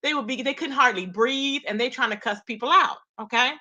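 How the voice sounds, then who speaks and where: A woman with a high, bright voice talks straight to her viewers in a casual vlog. She tells her side of a story with animated indignation and keeps punching her points with quick "okay?" asides. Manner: emphatic repeated tag questions. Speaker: YouTuber.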